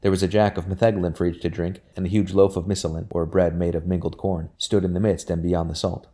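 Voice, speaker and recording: Male audiobook narrator, deep, warm, measured delivery. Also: level tone.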